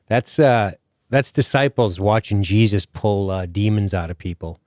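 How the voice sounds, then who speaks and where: Man, podcast host, low voice, dry close sound, rambling casual talk, swears. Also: normal speed, darkish tone, no echo.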